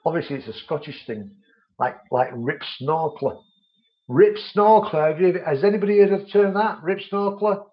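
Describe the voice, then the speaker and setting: A man's voice: on the high side, fairly quick, muffled recording. A man hosts a vaping channel live stream, chatting with viewers and reading their comments out in a friendly way.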